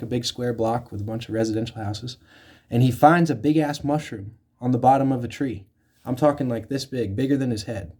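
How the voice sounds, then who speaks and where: A young man giving casual life advice, swearing freely and acting out quotes in a loose storytelling way. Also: medium pitch. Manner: swears freely, many fillers, animated acted-out quotes. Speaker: self-help speaker.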